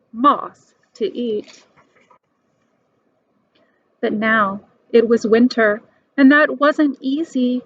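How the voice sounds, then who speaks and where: Woman, storybook read-aloud, animated, slightly high voice, dry dull recording. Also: dry recording. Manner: lively, animated, rhyming delivery. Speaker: storybook reader.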